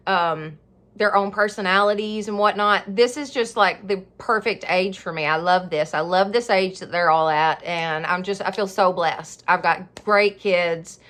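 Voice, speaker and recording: A woman's voice: medium pitch, fairly bright tone. A woman, chatting through a casual Q&A vlog, rambling and often laughing. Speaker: YouTuber of a home decor channel.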